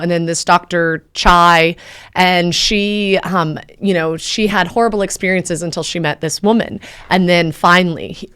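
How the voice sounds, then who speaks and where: A woman in her thirties, a podcast host, telling a story in a casual, chatty way and acting out the people she quotes. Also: clean tone. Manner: chatty, animated, acts out quoted dialogue with pitch jumps.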